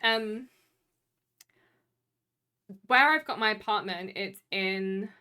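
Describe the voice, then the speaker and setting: A woman's voice: medium pitch, takes it slowly, bright, forceful tone, smooth. A young woman chatting casually with her stream viewers. She rambles and fills her talk with "like" and "you know". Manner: rambling, chatty, heavy use of "like" fillers. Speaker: live streamer.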